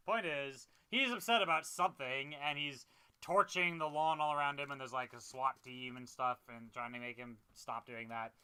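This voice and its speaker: A man's voice: medium pitch, normal speed, bright, forceful tone, clean tone. A man co-hosting a podcast, chatting casually about a film with frequent laughs and filler words. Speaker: podcast co-host. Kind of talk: casual movie review chat.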